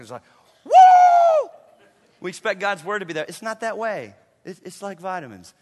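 Man, pastor, sermon, high voice, animated, long church reverb. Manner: animated, mimics listeners in quoted voices. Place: church sanctuary.

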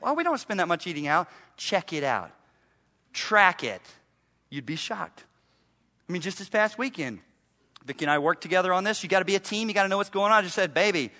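Animated preaching man in a reverberant hall. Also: high voice. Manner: animated preaching, mock voices of listeners, sudden drops to quiet. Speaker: pastor. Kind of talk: sermon. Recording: long reverb of a large hall.

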